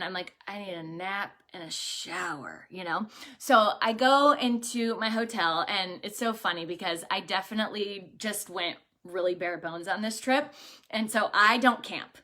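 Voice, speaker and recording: A woman's voice: fairly high pitch, pushed and bright. A woman hosting a livestream, chatting casually and animatedly with viewers, telling travel stories full of rhetorical questions and fillers. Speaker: livestream host.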